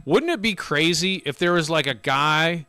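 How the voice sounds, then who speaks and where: A man's voice: fairly high pitch, lively intonation, moderate pace, pushed and bright, clean tone, no room sound. A man co-hosting a casual sports podcast, ranting and telling stories with plenty of swearing. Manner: profane, ranting, storytelling. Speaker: podcast co-host.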